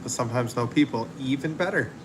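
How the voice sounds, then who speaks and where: A man's voice: mid-range voice, fast, noisy background. A man hosting a casual livestream, rambling easily and chatting with viewers while he cooks outdoors at home. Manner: easygoing, rambling, laughs easily. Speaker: livestream host. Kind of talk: casual livestream chat, reading viewer comments.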